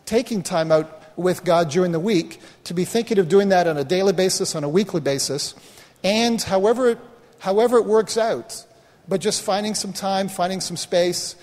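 A man's voice: fairly high pitch, darkish tone, in a large hall. A middle-aged man preaching a sermon as pastor, in a folksy, conversational way full of rhetorical questions and restarts.

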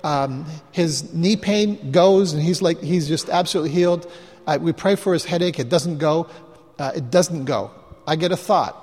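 A man, a pastor, tells stories from the pulpit in a chatty, self-mocking way, tossing in quick asides to the congregation. His voice sits a touch high for a man. It is a live recording in a large hall, with a long reverb ringing after each phrase. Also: a little mellow, husky. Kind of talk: storytelling sermon to a live congregation.

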